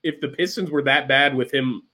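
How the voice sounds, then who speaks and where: A man co-hosting a casual sports podcast, relaxed, with lots of fillers and restarts. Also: medium pitch, normal speed. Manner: relaxed, many fillers and restarts, laughs often. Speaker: podcast co-host.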